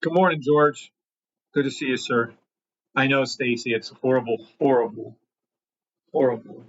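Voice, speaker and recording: A man's voice: mid-range voice, normal speed, husky, lo-fi sound. A man hosting a live trading stream, greeting chat by name and talking bluntly with lots of swearing. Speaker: livestream trading host. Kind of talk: live market commentary reading chat.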